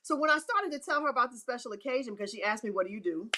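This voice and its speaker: A woman talks very fast in a bright, pushed, expressive voice, playing an inspirational speaker giving a faith-filled motivational talk. She is emphatic and repeats phrases for effect, acting out quotes with big swings in pitch.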